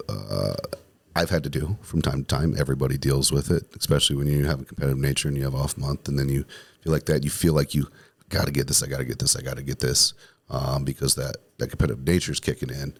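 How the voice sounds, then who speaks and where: A man's voice: very deep voice, steady tone, fast, gravelly, husky. A man in casual podcast chat, easygoing and agreeable, who works in sales.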